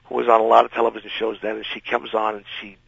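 A man telling an anecdote as a radio interview guest, animated and acting out the people in his story. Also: fairly low pitch, rapid-fire, creaky, breathy edge, no room sound. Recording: dull lo-fi radio recording.

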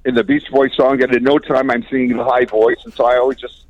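In a relaxed storytelling interview, a Canadian musician of advanced years talks fast at a medium pitch with little rise and fall, chuckling frequently. The sound is dry and dull, with a lo-fi feel.

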